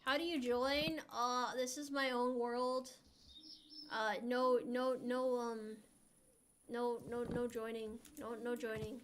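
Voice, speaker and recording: A woman's voice: fairly high pitch, level tone, takes it slowly, noisy background. A woman from the United States streaming a game, chatting casually and playfully, often giggling and reading out chat messages. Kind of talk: casual live-stream chat while gaming.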